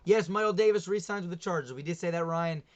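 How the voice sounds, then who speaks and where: A young adult man hosts a casual sports talk livestream, chatty and rambling and often laughing at himself. His voice is high and fast, and the stream audio is dull and lo-fi.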